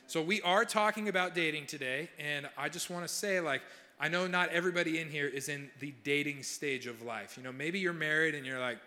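A young male pastor giving a sermon, telling a funny personal story with animated, self-mocking humor before he prays. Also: a little high, a little fast, long reverb tail. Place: large church hall.

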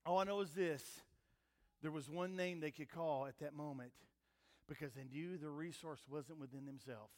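An older man preaching a sermon as pastor. He swings between loud emphatic calls and quiet asides, and mixes scripture reading with homespun family stories. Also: on the high side, normal speed. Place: church sanctuary. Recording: long church hall reverb.

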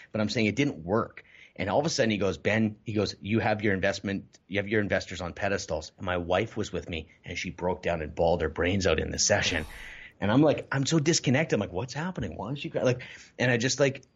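Animated male storyteller, low husky voice. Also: fairly quick, highs cut off. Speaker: podcast guest. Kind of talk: candid storytelling interview.

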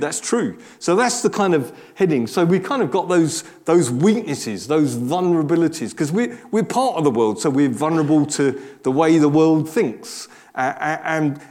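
A man's voice: fairly high pitch, darkish tone. A man preaching a conversational sermon, chatty and self-deprecating with frequent restarts and asides.

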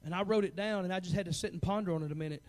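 A man in his forties preaching a fervent sermon as pastor, swinging from hushed asides to loud, urgent calls. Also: sits high, very fast. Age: 40s.

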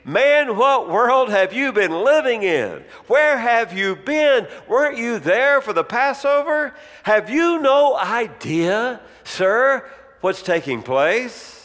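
A man's voice: on the high side, expressive, moderate pace, hardly any pauses, natural voice. A man preacher voicing Cleopas, an incredulous ancient male traveler, with raised, emphatic questions. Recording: long reverb of a large hall.

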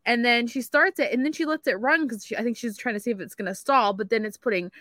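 A woman co-hosting a casual podcast, telling an animated story full of "like" and the odd swear word. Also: fairly high pitch, quick pace, no echo, clean studio sound. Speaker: podcast co-host. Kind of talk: casual chat.

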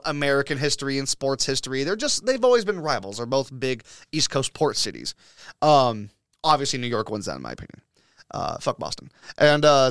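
A man hosting a casual sports podcast, talking in an excitable, opinionated way full of profanity. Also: mid-range voice, clean tone, dry recording, studio quality. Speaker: podcast host.

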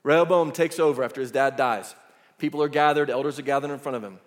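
A male pastor delivering a sermon, telling the story in a lively, casual way with asides. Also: mid-range voice, quick pace. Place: church sanctuary. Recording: echoey church hall.

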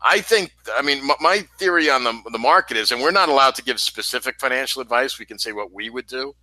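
A man co-hosting a podcast in casual chat with a very bright, forceful voice. He speaks haltingly and repeats words while he works out his point, on a dry studio mic. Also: medium pitch, animated, no room sound, rough recording. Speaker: podcast co-host.

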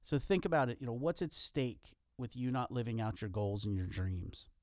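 Male podcast co-host, earnest and joking, very expressive pitch, dry studio sound. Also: normal speed, no echo. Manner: earnest, lively, self-deprecating jokes. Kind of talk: casual motivational podcast talk.

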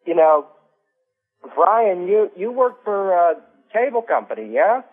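A man's voice: high voice, big pitch swings, a little slow, breathy edge. A man calling in to a radio show, speaking hesitantly and filling his sentences with ums and uhs. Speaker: caller. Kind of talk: casual call-in chat. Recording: tinny phone line with faint music.

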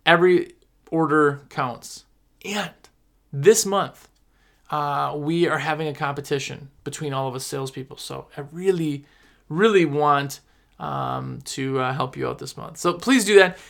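A man, chatting casually to viewers as a sales rep and pushing his own pitch. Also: measured pace, gravelly, a bit bright. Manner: chatty, pushy, repeats himself for emphasis. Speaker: window cleaning product sales rep.

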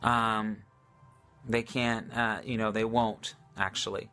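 A man's voice: lowish voice, little pitch movement, takes it slowly, sharp tone, clean tone, soft background music. A man hosting a casual live question-and-answer session on faith, enthusiastic and hesitant, with many ums and restarts. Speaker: host answering viewer questions.

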